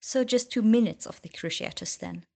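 A woman reading the lines of a tired, sharp-tongued young female healer in an audiobook. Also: medium pitch, animated, brisk, gravelly. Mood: weary. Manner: tired and biting.

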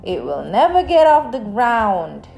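A woman voicing a discouraged male toad in a children's storybook, whiny and quick to quit. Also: a little high, big pitch swings, creaky, a little mellow, muffled recording, soft background music, full character voice.

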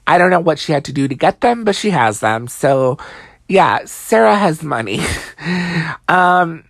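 Tired, gravelly-voiced woman gossiping. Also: deep voice, no room sound. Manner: chatty, profane, heavy use of "like", sassy asides. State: tired, late at night. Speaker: reality TV recap vlogger. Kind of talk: casual gossipy recap.

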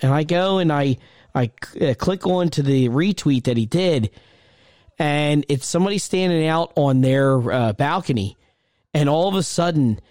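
A man hosting a casual gaming chat show, telling stories in an animated, rambling way. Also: fairly high pitch, dry recording, clean studio sound. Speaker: show host.

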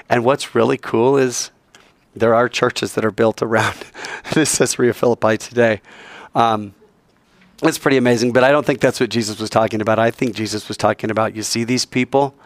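Animated male preacher with a dry sound. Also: on the low side, moderate pace, dry recording. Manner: animated storytelling, acts out voices, swings from loud to soft. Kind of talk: sermon.

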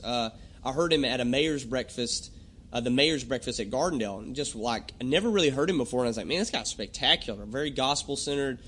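A young adult man hosting a podcast, talking in a rambling, jokey monologue and often clearing his throat. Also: medium pitch, fairly bright tone. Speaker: podcast host. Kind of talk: casual comedic monologue.

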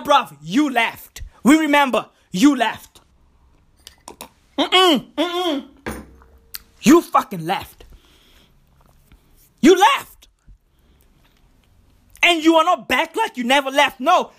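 A woman hosts a freestyle comedy podcast monologue, rambling and profane and tossing slang at the listener. Her voice sits high and swings widely in pitch. She talks at an unhurried pace. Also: fairly bright tone. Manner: rambling, profane, repeats slang address "bruv". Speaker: podcast host.

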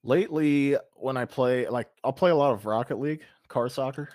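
A guest chatting casually on a podcast, agreeable and quick to laugh. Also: mid-range voice, a little mellow, dry recording, studio quality. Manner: agreeable, laughs easily, many short replies. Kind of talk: casual chat.

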